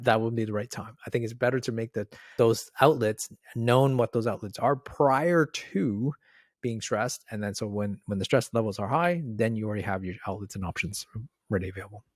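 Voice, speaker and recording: A man's voice: mid-range voice, dry recording, studio quality. A middle-aged Canadian man co-hosting a podcast, chatting casually and telling stories animatedly, mimicking others and laughing often. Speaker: podcast co-host. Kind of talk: casual chat.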